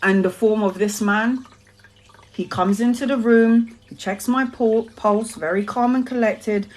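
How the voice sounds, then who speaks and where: A woman from Brazil, a tarot reader, telling a story on a live stream with a lively, laughing and swearing manner. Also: fairly high pitch, unhurried.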